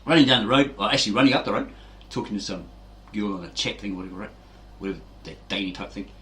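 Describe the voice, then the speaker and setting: A man's voice: lowish voice, fast, sharp tone. A middle-aged man hosting a fitness video, telling rambling casual stories and acting out quoted voices, with frequent "right?" tags.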